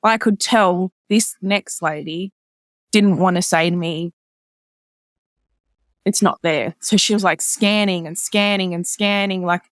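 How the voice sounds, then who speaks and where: A woman's voice: fairly even intonation, measured pace, a bit bright, no room sound, studio quality. Chatty woman with lots of "like". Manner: chatty, many "like" fillers; acts out others' lines in a higher voice. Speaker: podcast guest. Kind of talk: personal storytelling in casual chat.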